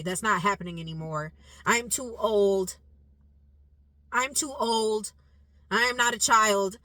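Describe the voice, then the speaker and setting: A woman's voice: a little high, pushed and bright, slight background noise. A woman vlogger talking straight to her viewers, emphatic and repetitive, with casual swearing. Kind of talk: casual direct-to-camera talk.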